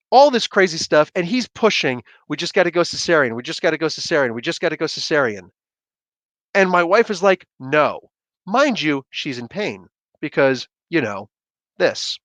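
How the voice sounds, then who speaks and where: A man's voice: a little high, fairly bright tone, dry recording. A man hosting a casual livestream chat, telling a story in a blunt, rambling, ranting way with lots of fillers. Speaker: host. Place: home livestream setup.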